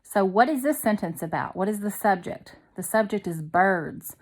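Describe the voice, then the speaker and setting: A woman's voice: medium pitch, lively intonation, darkish tone. Patient woman teaching young children. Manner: patient, explains step by step, checks in with frequent "okay?"; reads example sentences aloud slowly, then explains them. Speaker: second grade teacher. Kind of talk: online grammar lesson for children.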